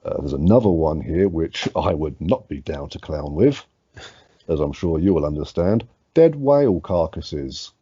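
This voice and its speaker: A man's voice: a bass voice, lively intonation, normal speed, dark tone, slightly rough, dry recording, highs cut off. A man co-hosting a casual podcast, sweary and laid-back, reading odd facts aloud. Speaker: podcast co-host.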